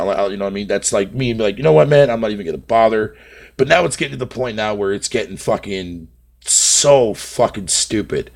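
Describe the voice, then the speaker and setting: Male streamer, ranting casually with lots of profanity; pitch rises and falls widely; rambling, filler-heavy delivery. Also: vocal fry. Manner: venting, heavy swearing, rambling; frequent filler phrases. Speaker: live streamer. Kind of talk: casual live-stream chat.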